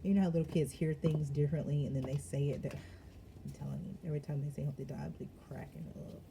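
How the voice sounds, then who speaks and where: With a low, steady voice full of vocal fry, a tarot reader talks fast over background noise. This mom of young children keeps her reading casual and chatty, addressing her audience as "y'all" and often breaking into laughter.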